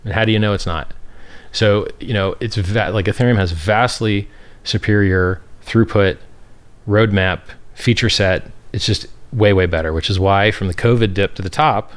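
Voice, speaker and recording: Man, low voice, crypto founder, brash, scornful, boastful interview answers. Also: steady tone, normal speed.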